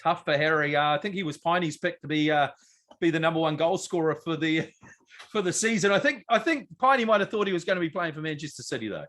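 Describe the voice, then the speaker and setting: A man co-hosting a sports podcast in casual, jokey chat, animated and rambling with fillers. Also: fairly high pitch, fast. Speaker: podcast co-host.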